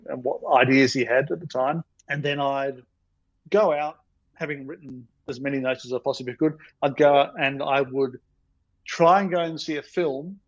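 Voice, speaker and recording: A man's voice: medium pitch, no room sound, low-quality recording. A man, a storyboard artist telling stories on a podcast in a rambling, self-deprecating way. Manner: rambling, self-deprecating, many ums and you-knows.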